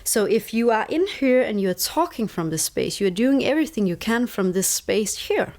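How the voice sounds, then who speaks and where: A woman's voice: fairly high pitch, very animated, normal speed, a little mellow. A woman with a Danish accent and Danish as her first language, a guest explaining her ideas on stress in an interview, stressing points by repeating words. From Denmark. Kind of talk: reflective conversational explaining.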